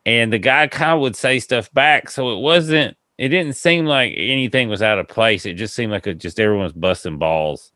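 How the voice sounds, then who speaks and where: A man's voice: medium pitch, normal speed, hardly any pauses, no echo. A man hosting a podcast, telling a long funny story in a rambling way, laughing and acting out the people in it. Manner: rambling, laughing, animated retelling with quoted voices. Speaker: podcast host. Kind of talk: casual storytelling chat.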